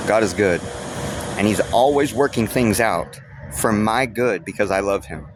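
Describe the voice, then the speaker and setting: A man's voice: lowish voice, moderate pace, background noise. A middle-aged man telling a story in a rambling, blunt, profane way, with lots of filler words. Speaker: vlogger. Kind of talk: casual storytelling vlog. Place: waiting at a work site. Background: background music.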